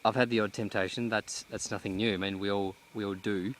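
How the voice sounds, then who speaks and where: A man vlogging outdoors in a cleared pine forest, talking in a reflective, halting way with many restarts, a little out of breath. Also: lowish voice, fairly even intonation, a little hiss or hum. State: slightly out of breath. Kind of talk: casual vlog monologue. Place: outdoors in a cut-down pine plantation.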